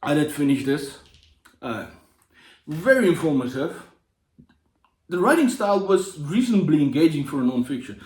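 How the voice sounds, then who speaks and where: A man's voice: fairly high pitch, big pitch swings, normal speed, pauses often. A man hosting a casual book review vlog, talking in a playful way with jokey asides and many restarts. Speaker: book channel host. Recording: roomy echoey room.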